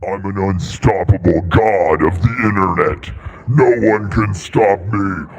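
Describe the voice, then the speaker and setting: A man putting on a very deep, slow voice as a boastful, self-proclaimed god of the internet. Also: muffled recording. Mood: gloating.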